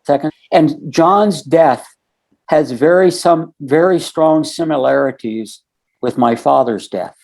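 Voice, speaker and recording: Man in his sixties, gravelly voice, mellow dark tone, storytelling, quotes others. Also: fairly high pitch, takes it slowly. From United States. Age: 60s. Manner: retells conversations with many quoted lines. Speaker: guest. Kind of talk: storytelling interview.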